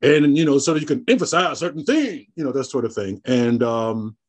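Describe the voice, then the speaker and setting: Casting: man, Southern roots, animated storyteller with bursts of laughter, middle-pitched voice. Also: brisk, slightly rough. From American South. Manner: animated storyteller, laughs often, acts out quoted dialogue. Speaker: guest, horror host. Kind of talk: casual interview storytelling.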